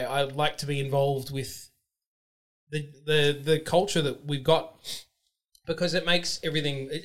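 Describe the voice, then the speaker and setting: Excitable man telling car stories. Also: fairly high pitch. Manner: excitable, swears freely, many fillers. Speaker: podcast guest. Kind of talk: casual storytelling chat.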